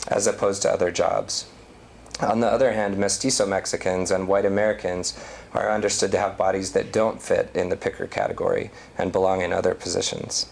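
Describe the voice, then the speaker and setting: A man giving an academic lecture, reading a prepared talk at a measured pace. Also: lowish voice, vocal fry, a little hiss or hum. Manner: reads prepared text, measured.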